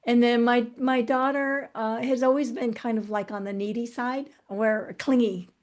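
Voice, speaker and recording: A woman's voice: on the high side, fairly even intonation. Earnest middle-aged woman, reflective. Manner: earnest, reflective, halting with restarts. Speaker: guest author. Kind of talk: candid interview conversation.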